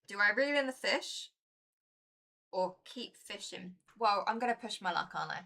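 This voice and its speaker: A young woman chatting casually as she streams a board game, talkative and easily excited. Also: medium pitch, normal speed, vocal fry.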